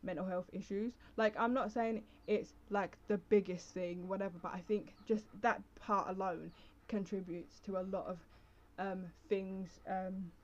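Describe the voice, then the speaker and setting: A young adult woman talks casually on her solo podcast, rambling and restarting her thoughts with plenty of fillers. Her voice sits at a middle pitch. The recording is a little dull and lo-fi. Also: fairly even intonation, a little slow, few pauses, a little mellow. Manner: rambling, full of fillers and self-interruptions. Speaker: podcast host.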